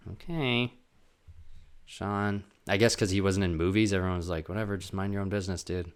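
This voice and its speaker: Low-voiced man rambling through a podcast. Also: clear, resonant tone. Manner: rambling, profane and jokey. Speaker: podcast host. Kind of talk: casual solo podcast monologue.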